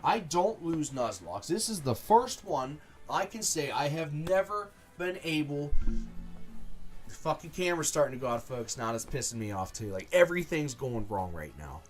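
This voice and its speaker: A man streaming a video game, talking in a halting, angry, exasperated way, swearing often and restarting his sentences. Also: on the high side, sing-song, faint music behind. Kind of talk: frustrated gameplay commentary.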